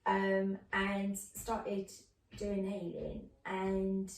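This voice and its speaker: A middle-aged woman, chatting as a podcast guest and telling lively stories in which she acts out other people's voices. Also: medium pitch, extremely slow, gravelly, a little hiss or hum. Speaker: podcast guest, clairvoyant medium. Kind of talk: casual storytelling chat. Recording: roomy, distant mic.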